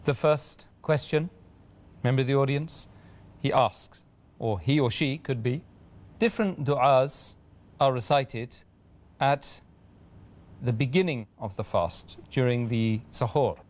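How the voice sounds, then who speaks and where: A man's voice: medium pitch, slow, pauses often, a little mellow. A man hosting an interview, politely thanking his guest and reading out audience questions. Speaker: host.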